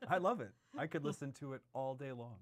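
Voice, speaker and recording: A man's voice: medium pitch, big pitch swings, normal speed. A man co-hosting a casual livestream, reading viewer comments aloud and joking with a light laugh. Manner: chatty, laughs often, jokes.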